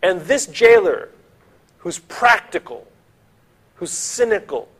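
A man's voice: high voice, big pitch swings, slow, breathy edge. A man preaching a sermon, retelling a story vividly and speaking straight to his listeners.

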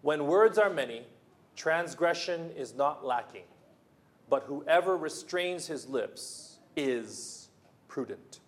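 Chatty male pastor, slightly high voice. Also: animated, slow. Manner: conversational, self-interrupting, playful asides. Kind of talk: sermon.

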